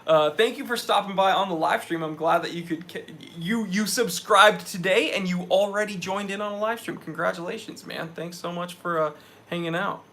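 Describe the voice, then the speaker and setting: A man's voice: high-pitched, moderate pace, bright, forceful tone. A young man hosting a casual live stream, sweaty after a hike, talking with energy as he reads out viewers' chat messages.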